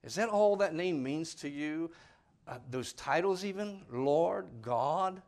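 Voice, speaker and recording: A man's voice: on the high side, expressive, slow pace, darkish tone. A man preaching a sermon in a folksy, earnest, pleading way, speaking plainly to his congregation. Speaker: pastor.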